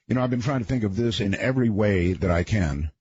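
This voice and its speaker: A radio talk show host, a man with a husky voice, talking in a rambling, conversational late-night monologue with folksy asides. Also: fairly low pitch, expressive, fast talker, darkish tone, no echo, lo-fi sound.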